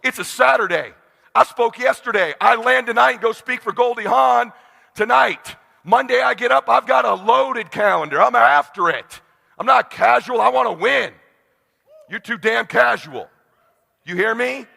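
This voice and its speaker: Gravelly high-ish guy in his 40s preaching motivation, intense, big hall echo. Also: lively intonation, normal speed. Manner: intense, swings from hushed to shouting; preachy, addresses crowd as brother. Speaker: motivational speaker. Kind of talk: motivational speech.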